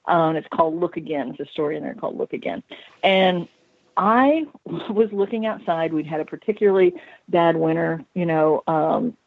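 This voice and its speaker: A woman who is an author and paranormal researcher, telling a story as a guest on a talk radio show in an animated way. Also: low voice, moderate pace, vocal fry, no echo. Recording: tinny phone line, dry.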